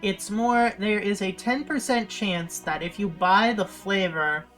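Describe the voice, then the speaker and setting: A woman's voice: mid-range voice, measured pace, a bit bright, faint music behind. A young woman chatting casually while she livestreams, rambling with lots of fillers and restarts. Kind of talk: casual chat while streaming.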